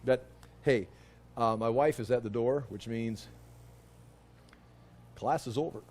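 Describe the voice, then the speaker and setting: A man's voice: medium pitch, slow pace, slight background noise. Chatty man teaching a Bible class. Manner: conversational, digressive, animated retelling with restarts. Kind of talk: casual classroom Bible lesson.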